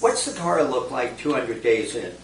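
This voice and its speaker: Male focus group moderator, mid-pitched, recorded from afar in an echoey room. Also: very animated, moderate pace. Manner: poses questions, then calls on people by name. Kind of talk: guiding a group discussion. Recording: roomy distant recording with faint noise.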